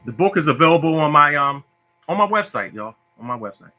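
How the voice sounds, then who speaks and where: A man's voice: fairly high pitch, big pitch swings, fairly quick, pushed and bright. A man hosting a casual phone livestream about lottery tips, talking in a preachy, repetitive, emotional way. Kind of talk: casual Facebook live talk.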